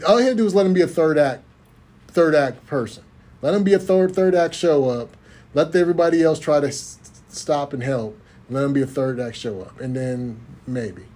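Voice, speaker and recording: Man co-host, somewhat high voice, animated and laughing, casual movie chat podcast. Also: normal speed. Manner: animated, laughs often, repeats words.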